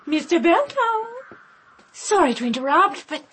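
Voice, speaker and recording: A woman's voice: on the high side, very animated, unhurried, a bit bright, a little hiss or hum. A woman playing a prim fluttery schoolmistress. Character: prim, sentimental posh English schoolmistress. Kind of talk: comic radio-play acting.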